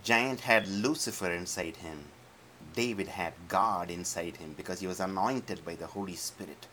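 A man's voice: sits low, normal speed, bright, forceful tone, a little hiss or hum. A male preacher retelling a scripture story dramatically, with modern asides. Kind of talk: sermon storytelling.

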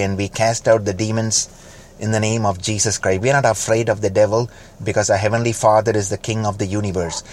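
A man preaching a fervent sermon, building to loud exhortation and dropping to quiet, slowed lines. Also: lowish voice, flat delivery. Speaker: pastor.

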